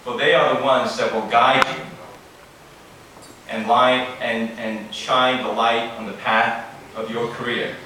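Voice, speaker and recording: A man's voice: mid-range voice, little pitch movement, slow pace, bright, forceful tone, a little hiss or hum. A man in his forties giving a formal keynote speech at a banquet, earnest and advising, with asides and self-corrections. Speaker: keynote speaker. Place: large banquet hall. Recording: very echoey hall, distant mic, faint room ambience.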